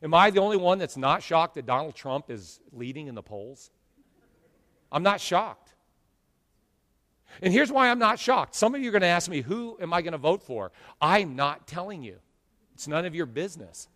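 A man preaching a sermon as pastor, with loud emphatic swells and drawn-out phrases. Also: fairly high pitch, expressive, in a large hall. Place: church sanctuary.

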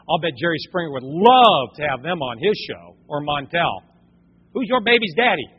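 A pastor with a slightly rough, rather high voice preaches in a folksy, storytelling style, addressing his congregation as folks. The church hall recording sounds dull and echoey.

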